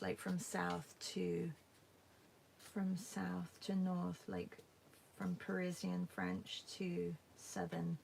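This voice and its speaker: A woman hosting a live drawing class, chatting softly and musing while she draws, often dropping into a half-whisper. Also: lowish voice, vocal fry, a little hiss or hum, poor audio. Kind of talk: casual chat while drawing.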